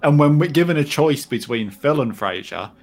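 A man co-hosting a podcast in casual chat, speaking haltingly with many fillers and acting out quotes. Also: on the high side, animated, a little mellow. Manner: hesitant, many fillers and restarts, acts out quotes. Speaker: podcast co-host.

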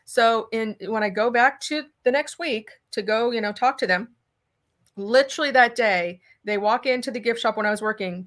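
A woman's voice: fairly high pitch, normal speed. A middle-aged woman from California, a guest in a conversational interview, telling a story animatedly and acting out the dialogue. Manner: animated, acts out dialogue in quotes. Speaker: political candidate guest.

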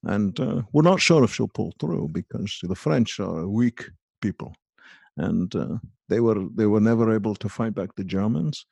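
A man's voice: fairly low pitch, lively intonation, normal speed, darkish tone, no room sound, heavily acted. A man putting on a crude, boastful aging male film star, rambling through profane rants. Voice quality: gravelly, husky. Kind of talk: comedic impression in a podcast chat.

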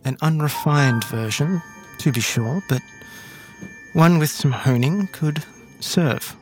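A man voicing an elderly female crime matriarch who speaks quietly and condescendingly in a tabletop game. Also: fairly high pitch, slow pace, faint music behind. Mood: cold menace.

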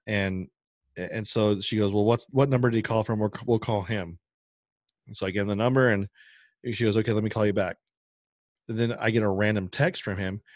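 Podcast host, male, lower voice, lively storyteller, dry close mic. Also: no echo. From Midwest US. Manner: animated storyteller, acts out quoted voices. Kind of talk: casual storytelling chat.

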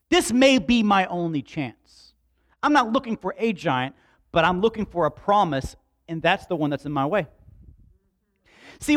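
A man preaching a sermon, telling a story dramatically, acting out the dialogue and shouting for emphasis. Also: sits high, no echo, studio quality.

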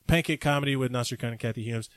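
A man hosts a casual podcast, joking around and cursing freely. His voice sits at an ordinary pitch. The sound is dry and close, with no room echo. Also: very fast. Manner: loose, joking, swears casually. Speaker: podcast host.

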